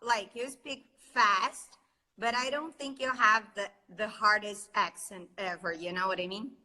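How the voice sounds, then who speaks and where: A woman's voice: medium pitch, fairly even intonation, measured pace, sharp tone, low-quality recording. A Brazilian woman speaking English as her second language with a Brazilian accent, hosting a casual live chat as an English teacher. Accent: Brazilian Portuguese. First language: Portuguese.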